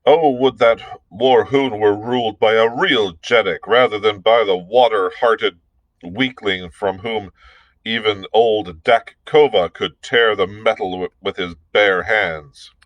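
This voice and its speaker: A man voicing a savage, scarred green Martian warrior chieftain who talks in a loud, menacing, defiant way, in a storybook read-aloud. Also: on the low side, slow pace, dry recording, muffled recording. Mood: roaring.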